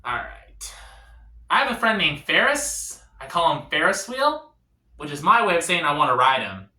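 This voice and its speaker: Male stand-up, self-deprecating, fairly light low-ish pitch, bright tone, lively delivery. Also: moderate pace, reverberant. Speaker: stand-up comedian. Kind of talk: stand-up comedy set.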